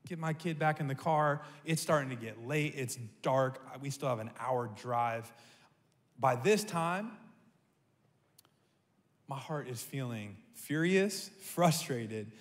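A man preaching a sermon as a pastor, telling a story in an animated, humorous way. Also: mid-range voice, a little slow. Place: church sanctuary. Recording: echoey church hall.

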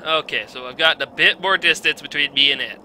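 Bright, high-pitched exasperated gamer man. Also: fast, a little hiss or hum. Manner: exasperated, swearing, yelling at the game. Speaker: let's play gamer. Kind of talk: blind let's play commentary.

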